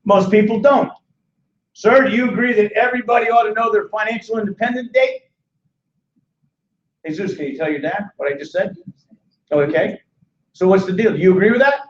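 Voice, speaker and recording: A man in his sixties giving a joking, animated financial sales seminar, firing questions at a small audience. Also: high voice, a little fast, long pauses, slight background noise. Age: 60s. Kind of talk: lively sales seminar talk. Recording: echoey dull room sound from far off.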